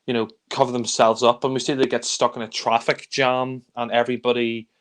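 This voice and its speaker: A man's voice: medium pitch, flat delivery, fairly quick, fairly bright tone. A man reviewing films in casual chat, giving a rambling, loose recap of the plot. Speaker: film reviewer.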